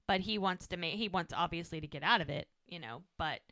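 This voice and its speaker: Bright-voiced woman recapping with animated voices. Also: lowish voice, brisk, no room sound, clean studio sound. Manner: animated retelling, acting out characters' lines. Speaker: podcast co-host. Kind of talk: casual chat, recapping a TV episode.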